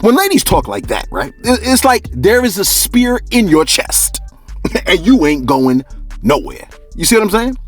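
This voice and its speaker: A man hosting a celebrity gossip show, his pitch leaping all over the place as he riffs in loose slang. He chuckles often between points, and faint music plays underneath. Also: big pitch swings, measured pace, slightly rough. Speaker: entertainment news host.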